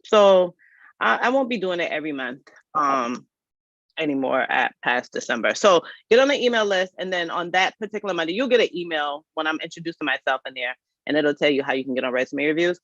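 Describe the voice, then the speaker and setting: A woman's voice: low voice, animated, fairly quick, a bit bright, no room sound, lo-fi sound. A woman, hosting a live resume review in a casual, folksy, chatty way and talking straight to her viewers. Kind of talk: casual livestream chat.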